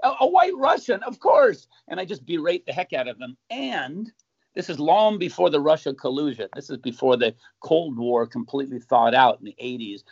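Animated male magician telling stories. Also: medium pitch, normal speed, gravelly. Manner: animated storyteller, acts out accusing voices with sudden loud jumps. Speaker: magician guest. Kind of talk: casual interview storytelling. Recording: dull, muffled sound.

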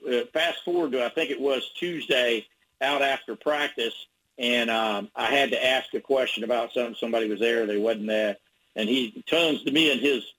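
Husky-voiced man telling a long story. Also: medium pitch, a bit bright, poor audio. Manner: rambling, many fillers and restarts. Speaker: sports reporter guest. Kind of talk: casual radio interview.

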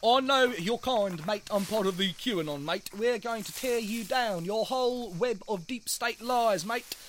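A man's voice: sits high, unhurried, fairly bright tone, slight background noise. A man doing a stoned Australian caterpillar. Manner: rambling, swearing, keeps forgetting, coughing. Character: stoned paranoid male caterpillar, conspiracy theorist. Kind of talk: animated comedy voice acting.

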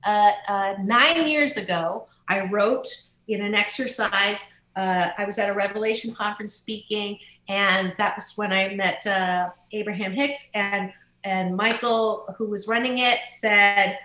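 A woman author and motivational speaker in an interview, telling stories in an upbeat, animated way and swooping up into high voices. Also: a little slow, roomy sound, low-quality recording. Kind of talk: podcast interview.

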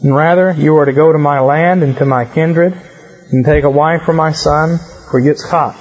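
A man's voice: a little high, steady tone, normal speed, darkish tone, husky. A man reading scripture aloud as an aged patriarch giving solemn orders to his servant, in a muffled lo-fi recording.

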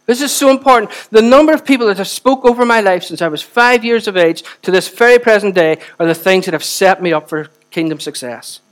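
A man's voice: high voice, fairly quick, few pauses. A man, preaching a sermon with chatty asides and repeated phrases for emphasis. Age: 40s. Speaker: pastor.

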